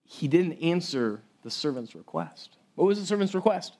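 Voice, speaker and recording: A high-voiced man delivering a sermon as a pastor. He speaks conversationally and emphatically, often restarting phrases and tossing asides to his listeners. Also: expressive, moderate pace, dark tone.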